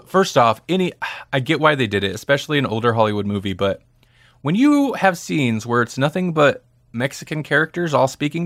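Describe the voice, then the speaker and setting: A man's voice: mid-range voice, sharp tone, dry recording, studio quality. Chatty man rambling about movies. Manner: chatty, rambling, laughs easily. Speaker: podcast host. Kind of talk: casual movie-discussion chat.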